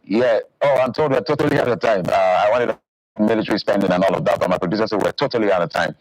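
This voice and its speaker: Man, radio host, brisk interview sign-off, low, fast, dry sound. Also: no room sound, faint music behind, poor audio. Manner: brisk and polite.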